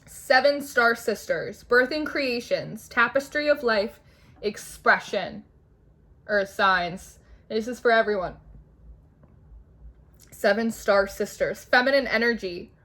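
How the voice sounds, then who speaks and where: Young woman doing a tarot reading, rambly and chatty, bright slightly high voice. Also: slow, pauses often. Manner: chatty, meandering, heavy use of "like". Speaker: tarot reader. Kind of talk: spiritual tarot reading monologue.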